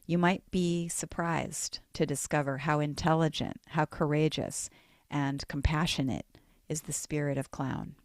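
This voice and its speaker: A woman hosting a podcast interview, speaking in an effusive, gently enthusiastic way. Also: low voice, steady tone, measured pace, no echo, clean studio sound. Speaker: podcast host.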